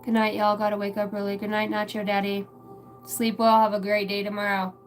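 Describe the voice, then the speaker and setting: A woman's voice: mid-range voice, monotone, fairly quick, faint music behind. A young woman livestreaming from home as a psychic reader, chatting casually in a rambling way and swearing a lot.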